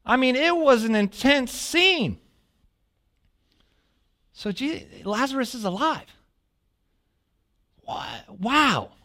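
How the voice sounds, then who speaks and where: A man preaching a sermon as a pastor, telling a story with lively asides and questions to the listeners, dropping to a hush when quoting prayers. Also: very high voice, slow, pauses often. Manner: animated storytelling, asks the congregation questions.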